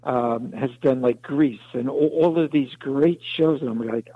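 A man's voice: mid-range voice, measured pace, hardly any pauses, husky, no echo. Man telling stories on dull radio. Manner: rambling anecdotes, acts out others' voices. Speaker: songwriter guest. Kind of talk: interview storytelling.

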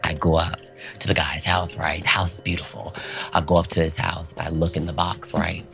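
A man's voice: a little fast, creaky, music in the background. A man co-hosting a podcast, telling a story in casual chat and acting out the people in it. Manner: animated, acts out quotes with big pitch jumps. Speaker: podcast co-host.

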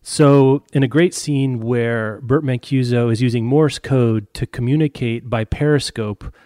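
A man's voice: medium pitch, unhurried, dark tone, no echo, clean studio sound. A man co-hosting a podcast, chatting casually about a film with wry, joking asides and mock outbursts. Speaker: podcast co-host.

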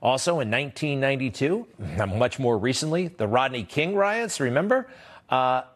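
Male commentary host, sarcastic, emphatic, rhetorical questions, mid-pitched voice. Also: expressive, moderate pace. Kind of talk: political commentary monologue.

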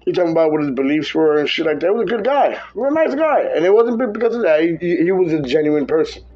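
A man telling rambling, profane stories from his driving work in a casual podcast chat, jumping into a high voice when quoting people. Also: big pitch swings, quick pace, dull audio. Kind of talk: casual storytelling.

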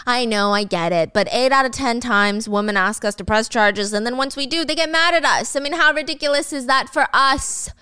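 A woman's voice: a little high, fairly quick, hardly any pauses, pushed and bright, clean tone, no room sound. A woman voicing a condescending male police officer who brushes off a complaint, in a dry close recording. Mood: dismissive.

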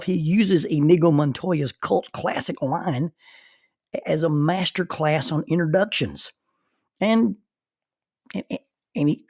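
A middle-aged male minister telling a personal story, halting and repeating words as he starts sentences. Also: medium pitch, a little mellow, slightly rough, no room sound, studio quality.

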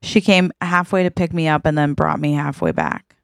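A woman's voice: deep voice, very animated, moderate pace, creaky, dry recording, clean studio sound. A woman co-hosting a podcast, chatting animatedly and laughing often as she tells a story. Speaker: podcast co-host. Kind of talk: casual chat.

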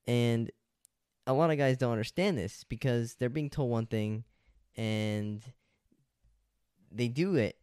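A man's voice: mid-range voice, takes it slowly, pauses often, a little mellow, smooth, no room sound, clean studio sound. A young man giving blunt dating advice in a casual monologue, lecturing with slang like "dude" and "like".

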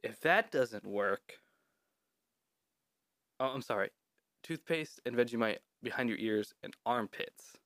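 A man's voice: mid-range voice, lively intonation, slow, pauses often, fairly bright tone, no room sound, clean studio sound. A man hosting a casual podcast, telling a folklore story in a joking, mock-serious way and swearing often. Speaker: podcast host.

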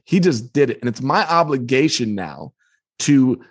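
Husky-voiced man telling a story. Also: medium pitch, normal speed. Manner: quotes others in lively put-on tones. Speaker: author and guest. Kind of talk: animated storytelling.

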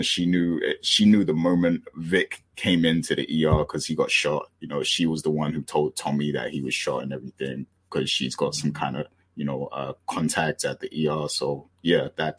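A British man with a very deep voice and a husky edge hosts a podcast. He talks casually and loosely, full of fillers and restarts, as he gets to the topic. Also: moderate pace. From Britain. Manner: relaxed and rambling, many fillers and restarts. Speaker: podcast host.

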